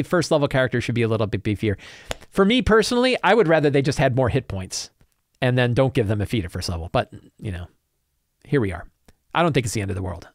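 A man hosts a tabletop gaming talk show on his own, chatty and opinionated. His voice sits at a middling pitch, and he often restarts and repeats phrases as he thinks aloud. The recording is dry, with no room sound. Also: dry recording. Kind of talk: casual solo commentary.

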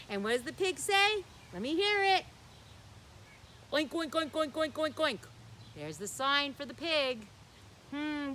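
A woman hosting a children's sing-along lesson with a lively, sing-song delivery that swoops up and down. Her voice sits fairly high, and she speaks slowly and playfully, asking young listeners questions. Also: slight background noise. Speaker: children's program host.

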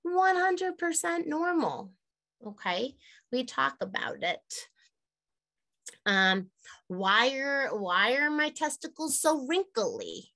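A woman's voice: high voice, big pitch swings, slow pace, sharp tone. A woman health teacher explaining a lesson to parents in a candid, chatty way, laughing at her own jokes.

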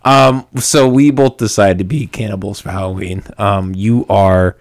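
Young male podcast host, deep, dry studio sound, self-mocking humor. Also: fairly even intonation, moderate pace, no echo. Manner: joking and self-mocking, laughs often. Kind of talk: casual chat. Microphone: studio mic with headphones.

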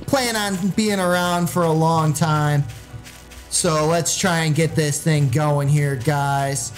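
A man hosting a gaming channel, giving loud, excited gameplay commentary and yelling into his desk mic with sudden high shrieks. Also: slow, poor audio. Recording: music playing behind.

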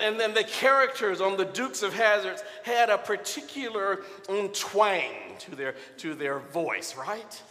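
A man's voice: high-pitched, sharp tone. A male priest giving a sermon in a folksy, joking way, speaking directly to his congregation. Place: large church. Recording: echoey church hall, long reverb.

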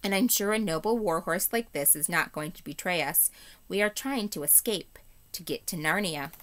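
A woman reading aloud, voicing a gentle female talking horse with a soft, polite, melancholy manner. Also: lowish voice, moderate pace, close to an everyday voice.

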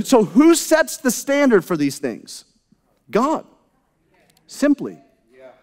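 A man's voice: fairly high pitch, darkish tone. A man preaching a sermon as pastor, conversational, with rhetorical questions and asides to the congregation. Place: church sanctuary. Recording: long hall reverb.

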